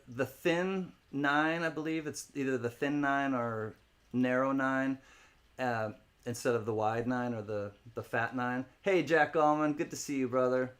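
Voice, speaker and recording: A man hosting a live-stream coin auction, calling bids, greeting viewers by name and cracking jokes between lots. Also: medium pitch. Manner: jokey, rambling, laughs often, chats with viewers by name; spells out words letter by letter for fun.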